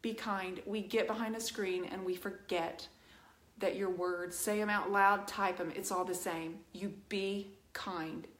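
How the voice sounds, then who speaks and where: A woman's voice: mid-range voice, steady tone, unhurried, a bit bright. A woman hosting a live painting stream, talking earnestly and emphatically straight to her viewers. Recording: roomy echo.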